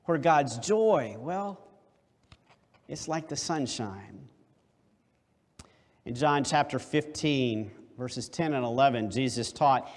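A man preaching a sermon, deliberate and emphatic, with rhetorical questions. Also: mid-range voice, expressive. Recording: long hall reverb.

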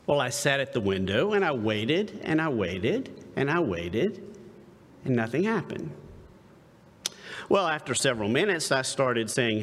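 Animated male pastor in echoing sanctuary. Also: fairly high pitch. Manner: storytelling with dramatic pauses and rhetorical questions. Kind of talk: sermon.

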